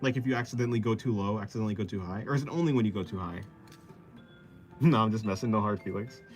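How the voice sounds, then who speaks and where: A man's voice: fast, faint music behind. A man from the East Coast of the United States, chatting playfully with livestream viewers while he draws. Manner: playful and jokey, slips into silly squeaky voices. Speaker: art streamer. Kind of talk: casual chat with livestream viewers while drawing.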